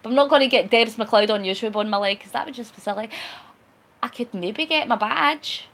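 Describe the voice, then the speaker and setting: A woman hosts a relaxed live-stream chat, answering viewer comments one by one. Her voice sits somewhat high for a woman. She is talkative and a little cheeky and laughs easily. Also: brisk. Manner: chatty and cheeky, laughs often. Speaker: vlogger.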